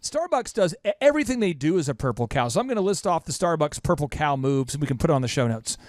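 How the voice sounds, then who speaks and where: A man hosting a business podcast in an emphatic, punchy way, his voice sitting high and leaping around. He keeps firing questions at his cohost. The sound is dry and close. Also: sing-song, quick pace, dry recording. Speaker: podcast host. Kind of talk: energetic business podcast talk.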